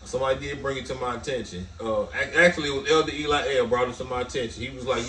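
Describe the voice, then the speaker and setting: A man's voice: mid-range voice, racing, fairly bright tone. A man co-hosting a casual talk show who rambles, repeats himself and swears. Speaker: co-host. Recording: echoey room, distant mic, faint hum.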